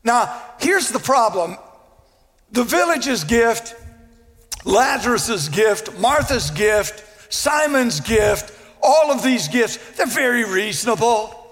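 A man's voice: very high-pitched, expressive, takes it slowly, fairly bright tone. A man preaching a sermon on scripture, earnest and emphatic, repeating phrases for weight. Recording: long echo of a large hall.

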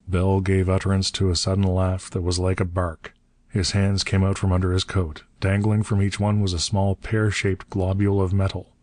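A man reading an adventure story aloud as an audiobook narrator, steady and measured. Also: deep voice, no echo.

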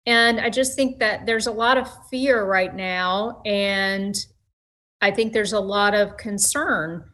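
A woman on a talk show telling a story in a relaxed, reflective way. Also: mid-range voice, slow pace, poor audio. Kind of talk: casual storytelling.

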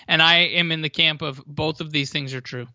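A man's voice: a little high, fairly even intonation, fairly quick, bright, forceful tone, dry recording, dull audio. Chatty man co-hosting a sports podcast. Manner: chatty, rambling, restarts mid-sentence. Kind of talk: casual chat.

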